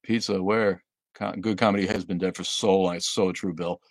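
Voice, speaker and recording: A man's voice: low voice, fairly even intonation, moderate pace, no echo, studio quality. A man hosting a casual livestream, reading viewer comments aloud and answering them bluntly and sardonically, with frequent fillers and laughs. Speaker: livestream host.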